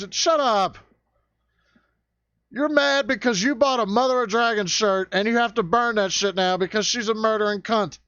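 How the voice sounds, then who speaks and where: A man's voice: sits high, a bit bright, no room sound. A man hosting a profane rant vlog, talking in a crude, sarcastic and fired-up way. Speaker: vlog host ranting. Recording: dull, lo-fi dry recording.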